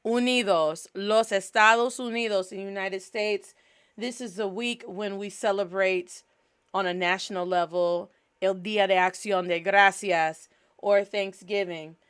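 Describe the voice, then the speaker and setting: A woman's voice: medium pitch, fairly even intonation, a little slow, a bit bright, clear, resonant tone. A woman hosting a casual teaching podcast, upbeat and playful, spelling words out and coaching her listeners. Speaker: podcast host and language teacher.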